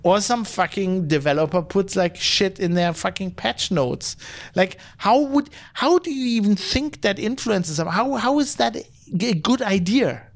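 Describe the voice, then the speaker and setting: A man's voice: high voice, measured pace. Rambling, profane male podcast host. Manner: rambling, profane, many restarts and fillers. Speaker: podcast host reading chat comments. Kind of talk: casual opinion rant.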